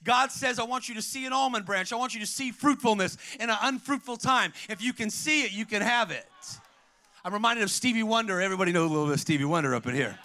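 A middle-aged man preaches with real fire, his voice pitched strikingly high and ringing bright. He tells stories and keeps calling out to the congregation as he goes. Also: fast. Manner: preaching with call-outs to the congregation, storytelling. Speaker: pastor. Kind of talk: energetic sermon.

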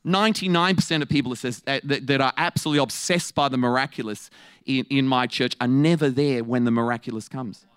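A man preaching a sermon to his church, mixing jokes and quick asides with his message. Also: mid-range voice, smooth, no room sound. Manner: humorous, animated, quick asides with laughs.

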